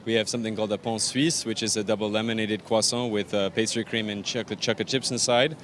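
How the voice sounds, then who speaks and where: A man's voice: fairly low pitch, fairly even intonation, fast talker, a bit bright. A man from Arizona, a pastry chef and bakery owner, explaining his pastries in detail, with fillers, during an on-location interview. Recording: faint outdoor traffic noise.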